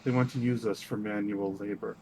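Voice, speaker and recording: Guy doing a suspicious elf wizard lady, quiet and guarded, kinda low. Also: steady tone, brisk, a little hiss or hum, lightly acted, poor audio. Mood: wary. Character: suspicious tired elven wizard woman.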